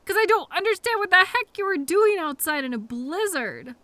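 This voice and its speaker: A woman's voice: very high voice, animated, normal speed, sharp tone, no echo. A young woman performing a scripted audio role-play as a coworker who finds the listener in a blizzard, fussy and scolding, then apologetic, with quirky mild exclamations.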